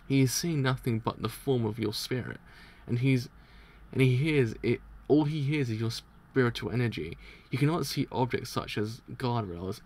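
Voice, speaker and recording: A man's voice: medium pitch, gravelly. A man doing a cold scheming mafia boss. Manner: calm, measured, instructing.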